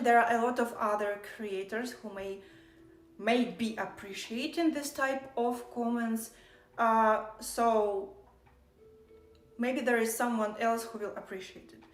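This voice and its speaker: Woman streamer, blunt and irritated, slightly high voice, roomy echo. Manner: blunt, irritated, lecturing chat. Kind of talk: casual live stream chat.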